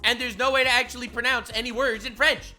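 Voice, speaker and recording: A young man reacting to a video, ranting loudly and swearing, with big swings between loud outbursts and mutters. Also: very high-pitched, little pitch movement, fast, soft background music. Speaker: reaction streamer. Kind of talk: casual reaction commentary.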